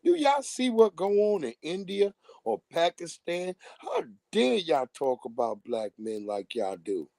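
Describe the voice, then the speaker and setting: A man's voice: high-pitched, very animated, measured pace, vocal fry, dark tone, dry recording. A man hosting a live stream, reacting to clips in emphatic, profane casual commentary and calling his viewers family. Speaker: livestream host reacting to clips.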